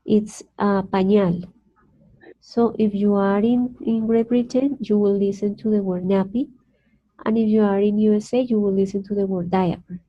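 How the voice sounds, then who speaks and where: A Colombian woman, a native Spanish speaker, teaching an online English class slowly and carefully, repeating words for her students. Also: medium pitch, fairly even intonation. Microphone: video call. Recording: dull lo-fi video call audio.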